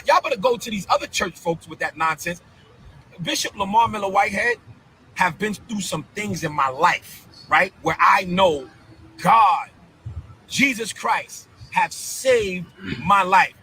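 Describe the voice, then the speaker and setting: A man in a heated live-stream rant, talking like a preacher. His voice sits high and rings bright and sharp, and he keeps breaking into incredulous, repeated outbursts. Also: slight background noise, poor audio. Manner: fiery, repetitive, confrontational preaching cadence. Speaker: bishop.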